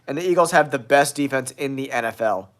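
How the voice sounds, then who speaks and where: A man hosting a football talk show, sounding nasal from a cold, giving blunt, excitable hot takes to his viewers. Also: medium pitch, fairly quick. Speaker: sports show host.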